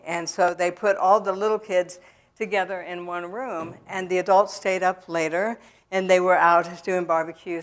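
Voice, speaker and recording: A middle-aged woman giving a personal testimony in a church, talking candidly and plainly, with many fillers and restarts as she tells her story. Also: lowish voice. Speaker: recovery speaker. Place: church hall.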